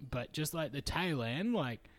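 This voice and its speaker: A man's voice: fairly high pitch, animated, measured pace, a bit bright. A man with an Australian accent, a podcast host chatting casually, laughing often and swearing. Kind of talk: casual chat.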